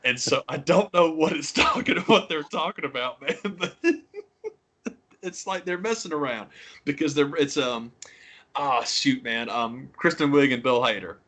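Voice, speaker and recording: A man co-hosting a podcast, talking casually and animatedly, swearing freely and sometimes mimicking people. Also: a little slow. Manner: animated, swears freely, mimics others in high squawky voices. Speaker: podcast co-host. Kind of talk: casual chat.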